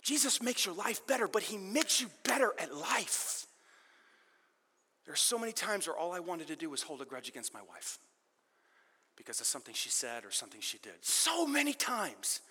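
A middle-aged man preaching a sermon to a live church audience, swinging from loud emphatic bursts to quiet, intimate asides and joking at his own expense. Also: sits high, moderate pace, breathy edge. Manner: animated, self-deprecating, shifts between loud emphasis and quiet intimacy. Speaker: pastor. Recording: reverberant large hall.

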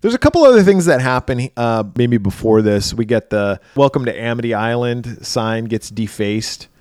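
A man's voice: mid-range voice, lively intonation, normal speed, darkish tone, no echo, studio quality. A man co-hosting a podcast, animatedly retelling movie scenes in casual chat, acting out lines and laughing often. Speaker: podcast co-host.

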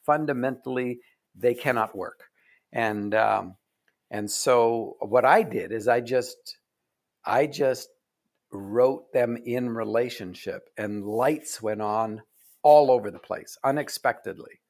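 A man being interviewed as an author, speaking in a soft, earnest, reflective way that often trails off quietly. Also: medium pitch, takes it slowly. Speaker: author guest. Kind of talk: reflective conversation. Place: Oregon.

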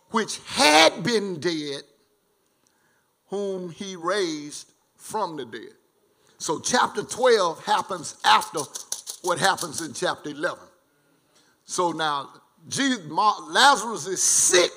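A male pastor preaching a sermon in an emphatic way, with repetitions and lively asides. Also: high voice, gravelly.

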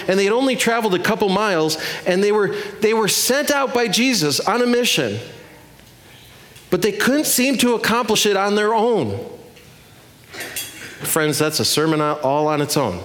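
A man preaching a sermon as pastor, telling the story with lively questions to his listeners. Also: high-pitched.

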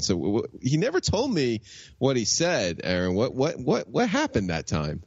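A man's voice: fairly low pitch, very animated, a little slow, no echo, highs cut off. A man co-hosting a podcast, joking and stammering playfully through comic banter. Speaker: podcast co-host.

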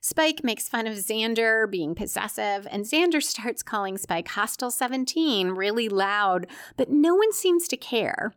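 A woman's voice: on the high side, expressive, a little slow, few pauses, clean tone, no room sound, studio quality. A woman hosting a podcast, recapping a television episode in casual narration with wry, chatty asides. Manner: wry, chatty asides while reading quotes aloud.

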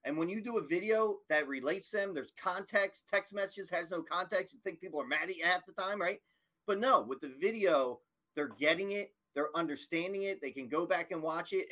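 Podcast host guy, upbeat and hyping up his guest, bright sharp voice, a bit high pitched. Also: normal speed. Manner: enthusiastic, affirming, conversational. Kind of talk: casual podcast conversation.

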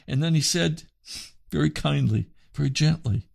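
A man's voice: mid-range voice, moderate pace, creaky, husky, no echo. A man preaching on his radio broadcast, earnest and pleading, often repeating phrases. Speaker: radio pastor. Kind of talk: radio sermon.

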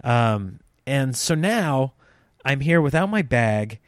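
A man telling a story in a casual, self-mocking way, jumping into other people's voices as he acts out the dialogue. His voice sits at an ordinary middle pitch. The sound is dry and close, with no room around it. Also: sing-song, slow, dry recording.

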